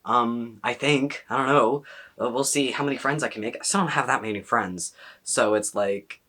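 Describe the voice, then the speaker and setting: A young man chatting casually to camera as a vlogger, excitable and rambling, full of "like" and questions to himself. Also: mid-range voice, moderate pace.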